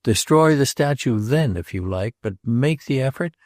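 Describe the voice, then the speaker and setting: A man reads as an earnest friend and patron in a read novel, pressing his point with grave, steady urgency. His voice sits a little higher than the narration but keeps a mellow, warm color. The recording is close and dry. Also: moderate pace, dry recording, natural voice. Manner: earnest, urging.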